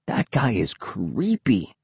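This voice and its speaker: A man voicing a frightened, jumpy young boy, speaking in a hushed, anxious, drawn-out way. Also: mid-range voice, lively intonation, vocal fry, breathy edge, no room sound, heavily acted. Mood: nervous.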